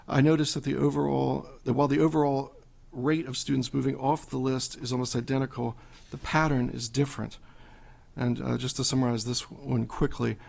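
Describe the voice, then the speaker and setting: A man reads his prepared public comment to a school board, working through numbers and percentages. His voice has a gravelly edge, and now and then he stumbles and restarts a phrase. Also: mid-range voice. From Maryland. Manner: reading prepared remarks with statistics, occasional restarts.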